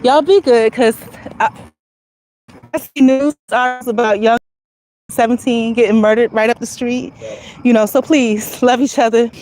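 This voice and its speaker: A woman's voice: on the high side, fairly even intonation, normal speed, long pauses, darkish tone, slight background noise, rough recording. A woman talking to her viewers in a casual, rambling vlog while walking outside, earnest and emotional. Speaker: vlogger speaking to viewers. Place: outdoors on a street, walking.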